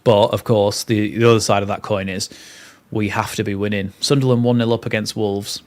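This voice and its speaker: A man's voice: fairly low pitch, little pitch movement, a little fast. A young man hosting a live watchalong, mixing play-by-play with chatty, rambling asides. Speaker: fan channel host.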